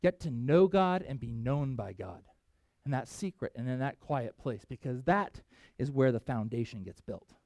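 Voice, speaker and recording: A man preaching a sermon as pastor, animated and conversational, swinging from loud emphasis to quiet asides. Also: medium pitch, moderate pace, dry recording. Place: church in Wyoming.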